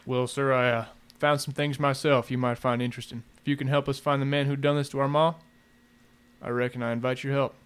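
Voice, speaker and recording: A man's voice: mid-range voice, level tone, brisk, smooth. A man playing a tabletop western game, describing his character's actions and speaking his lines in an easygoing drawl. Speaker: player. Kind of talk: tabletop role-play, narration and in-character lines.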